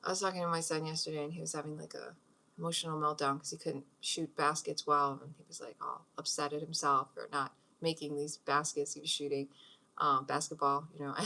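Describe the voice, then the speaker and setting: A middle-aged woman talks casually at home, rambling between thoughts and laughing often. Her voice sits a little low, yet sounds bright and forward. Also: steady tone, fairly quick, vocal fry. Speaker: host leading a meditation practice. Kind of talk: casual spoken talk with guided breathing.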